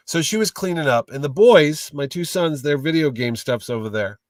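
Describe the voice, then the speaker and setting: A man telling funny stories in a casual interview, an animated, jokey storyteller. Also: a little high, normal speed, no room sound, distant mic. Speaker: guest, comic con owner.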